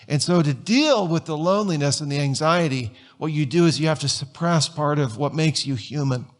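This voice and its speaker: Animated man preaching a conversational sermon. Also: on the high side, brisk. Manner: conversational, animated storytelling with rhetorical questions. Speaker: pastor. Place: church sanctuary.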